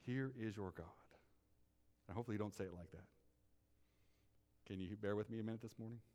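A man pastor delivering a sermon, moving between quiet confiding talk and loud, rising preaching. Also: on the low side, steady tone, rapid-fire. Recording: reverberant hall.

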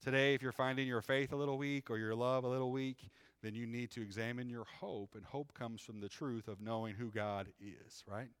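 A man's voice: medium pitch, steady tone, clean tone, no echo. A man preaching a sermon as the pastor, conversational and plain-spoken, often checking in with "right?". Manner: reads scripture aloud in a raised, slower voice.

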